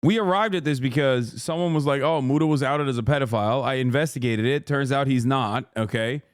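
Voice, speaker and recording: A man's voice: mid-range voice, fairly quick, clean tone, no echo. A man livestreaming casual political commentary, ranting in a sarcastic, profane, heated way on a close mic.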